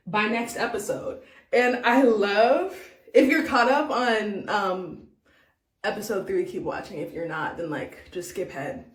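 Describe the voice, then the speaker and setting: A young woman chatting casually as a vlogger, full of fillers and quick laughs. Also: medium pitch. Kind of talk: casual chat about a reality show. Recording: echoey room.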